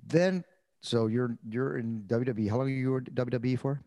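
A man at a mid pitch hosts a laid-back interview, agreeing often in short bursts before asking his guest simple questions. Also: normal speed. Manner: steady backchanneling, short agreeing replies. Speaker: host. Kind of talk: casual interview chat.

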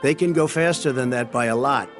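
A man's voice: medium pitch, a little fast, faint music behind. Older guy in a debate, blunt, keeps cutting in and repeating stuff. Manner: interrupting, blunt, repetitive. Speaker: debate candidate. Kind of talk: televised debate. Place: large debate hall.

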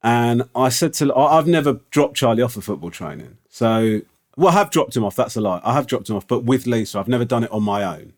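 A man's voice: mid-range voice, animated, brisk. A man co-hosting a podcast, telling a rambling, self-deprecating story in casual chat. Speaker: podcast co-host.

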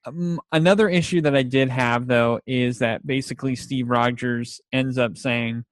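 A man in casual chat about movies, rambling and animated as he retells scenes. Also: medium pitch, normal speed, hardly any pauses, dry recording.

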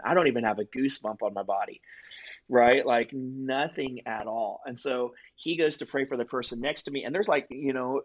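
A man's voice: medium pitch, highs cut off. Earnest man telling a story. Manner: earnest, vivid storytelling with restarts. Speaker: guest telling his testimony. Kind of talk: conversational storytelling.

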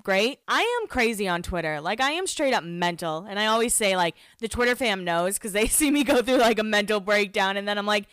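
A woman's voice: mid-range voice, fairly bright tone, clear, resonant tone, dry recording. A woman hosting a casual recap podcast, chatty and self-deprecating, with lots of "like" fillers. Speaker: podcast host recapping a reality show. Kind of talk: casual chat.

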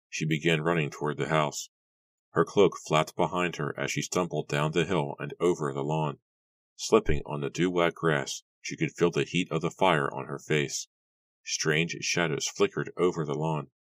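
A man reading a horror novel aloud in steady, even scripted narration. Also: extremely low pitch, normal speed, dry recording, far from the mic. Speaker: audiobook narrator.

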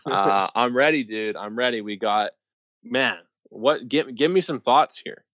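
Young man, joking relaxed podcast talk. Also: mid-range voice, takes it slowly, no room sound. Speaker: podcast co-host. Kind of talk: casual chat.

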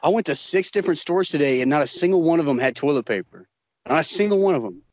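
A man's voice: fairly high pitch, expressive, fast, dry recording. A man chats with friends, teasing and laughing often. His voice swings up and down a lot and sounds dry and close. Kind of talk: casual group chat.

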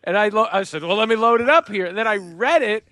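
A man's voice: high-pitched, animated, fast talker, sharp tone, no room sound, clean studio sound. A man co-hosting a casual sports podcast, telling stories in a wry, teasing way. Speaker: podcast co-host. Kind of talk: casual chat.

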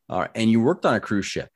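A man's voice: fairly low pitch, no room sound, clean studio sound. A man hosting a podcast interview, chatty and joking, often stumbling over his words. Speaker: podcast host. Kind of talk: casual interview.

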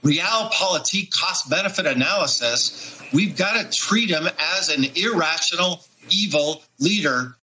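A man's voice: a little high, animated, a little slow, sharp tone, a little hiss or hum, rough recording. A man, a former diplomat, giving emotional, emphatic commentary on television. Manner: earnest, emphatic, morally charged.

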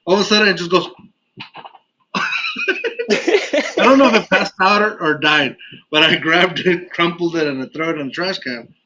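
A man's voice: high voice, big pitch swings, normal speed, long pauses, bright, forceful tone. A man hosting a casual podcast, telling a story with lots of "like"s and laughs. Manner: laughing, rambling with many "like"s. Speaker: podcast host. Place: lives in Texas. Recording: dull lo-fi sound with faint ambient noise.

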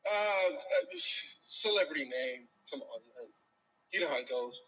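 Husky, bright-voiced young man chatting. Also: fairly high pitch, animated, a little slow, rough recording. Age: young adult. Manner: hesitant, restarts with "uh". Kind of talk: casual chat. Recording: thin voice over a call.

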